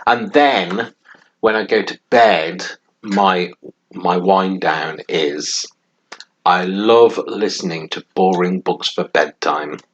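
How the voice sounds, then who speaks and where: A podcast co-host with a deep voice talks slowly through casual, rambling chat, laughing often as he goes. The audio is dull and lo-fi, with faint noise underneath.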